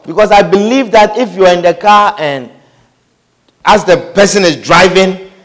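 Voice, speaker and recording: A man's voice: high voice, normal speed, fairly bright tone. A man pastor preaching a sermon, acting out scripture quotes and everyday scenes with frequent laughter.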